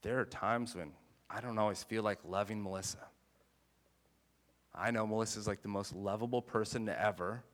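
A man preaching a sermon in a chatty, animated way, mixing jokes and scripture. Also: fairly low pitch, normal speed, pauses often, big-room sound. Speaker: pastor.

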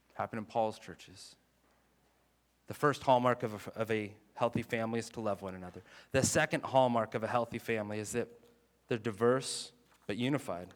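A man preaching a sermon in a chatty, animated way, mixing jokes and scripture. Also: on the low side, long reverb tail. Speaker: pastor.

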